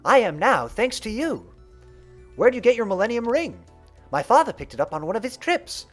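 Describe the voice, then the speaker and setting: Polite soft-spoken teen boy read by a man, gentle, lively pitch. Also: normal speed, soft background music, full character voice. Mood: calm. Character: gentle polite teenage boy with mystic ring.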